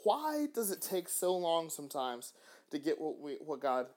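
A man hosting a faith-based podcast, talking in an animated way with frequent restarts. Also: on the high side, unhurried. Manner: animated, acts out little dialogues, frequent restarts. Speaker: podcast host.

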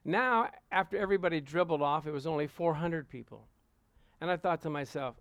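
A man preaching to a congregation, telling a lively anecdote and acting out the voices of the people in it. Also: on the high side, moderate pace, dry recording. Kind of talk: storytelling sermon to a congregation.

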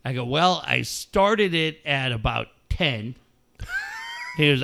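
A middle-aged man telling a story in casual chat, animated and profane, often laughing. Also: mid-range voice, takes it slowly, creaky.

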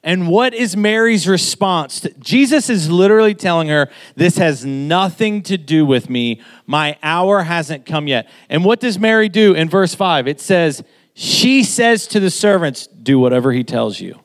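A man in his thirties preaching a sermon in a casual, conversational way, getting animated as he makes his point. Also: high-pitched, unhurried.

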